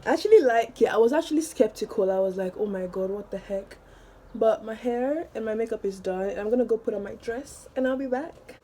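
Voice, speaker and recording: A woman's voice: fairly high pitch, fairly quick, mellow. A young woman vlogger telling a story in casual, chatty talk while doing her makeup, full of fillers and laughter. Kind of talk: casual get-ready-with-me storytelling.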